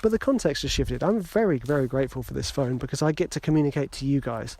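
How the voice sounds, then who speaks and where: Talking quickly in a mid-range, darkish voice, a middle-aged podcast host records on a phone he holds while walking in a wood. He keeps his motivational chat casual and self-deprecating, full of joking asides.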